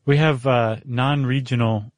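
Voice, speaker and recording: A man hosting a podcast in casual chat, quick and joking, laughing often. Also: medium pitch, steady tone, no room sound. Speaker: podcast host.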